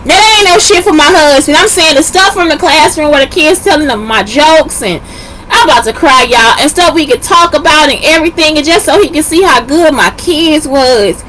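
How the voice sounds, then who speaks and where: A woman in a heated, profane rant aimed at her viewers, swearing constantly, at times shouting and close to tears. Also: high-pitched, normal speed, slight background noise.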